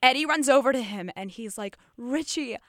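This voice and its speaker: A woman hosting a casual chat, retelling a film plot in an animated way and acting out the quotes. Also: high voice, quick pace, no room sound, studio quality. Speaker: podcast host.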